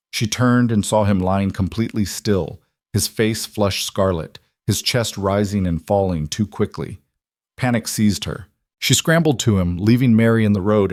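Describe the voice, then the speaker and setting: A man narrating a western story in a measured, dramatic storytelling manner. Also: lowish voice, darkish tone, no room sound, studio quality. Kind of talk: scripted narration.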